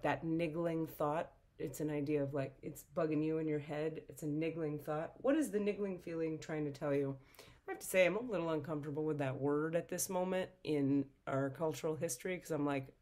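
A woman, a spiritual teacher, chatting casually through a tarot card reading in a sleepy, breathy morning voice. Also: deep voice. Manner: chatty and animated, with many fillers. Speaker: spiritual teacher and energy healer.

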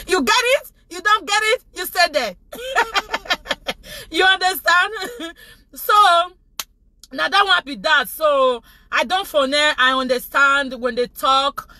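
High bright Nigerian woman chatting. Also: measured pace. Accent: Nigerian Pidgin English. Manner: animated, repetitive, laughing often. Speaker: vlogger, show host. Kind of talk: casual live chat to viewers.

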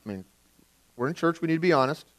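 Conversational pastor, slightly high voice. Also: male voice, fairly even intonation, racing. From California. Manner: conversational preaching, swings from loud emphasis to quiet. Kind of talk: sermon.

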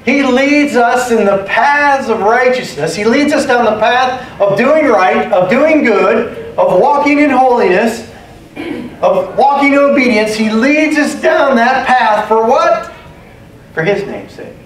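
High-voiced pastor preaching in an echoey church. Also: male voice, expressive, a little slow, slight background noise. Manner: emphatic, repeats key phrases and calls for amens. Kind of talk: sermon. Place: church sanctuary. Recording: echoey room, distant mic, faint ambience.

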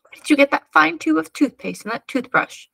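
Gossipy suspicious boar, a lady putting it on, a bit gravelly, storybook read-aloud. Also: sits high, lively intonation, fairly quick, pushed and bright, dry recording, voice pushed up, full character voice. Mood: prying. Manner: nosy, scheming.

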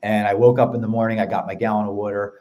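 Chatty man with a Philly accent. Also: on the low side. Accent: Philadelphia. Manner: energetic storyteller, quick run-on sentences. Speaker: podcast guest. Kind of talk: casual chat.

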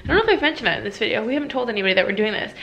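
A woman's voice: fairly high pitch, big pitch swings, rapid-fire, creaky, a bit bright, highs cut off, a little hiss or hum. A young woman vlogging casually at home, chatty and full of "like" fillers. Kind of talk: casual personal vlog.

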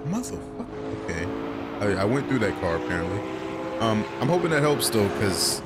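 A man's voice: on the low side, fairly quick. A man giving casual, rambling gameplay commentary, swearing often and full of fillers. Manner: rambling, excitable, swears a lot, frequent filler. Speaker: gaming YouTuber. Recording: loud game music behind voice. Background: loud music and car engine sounds.

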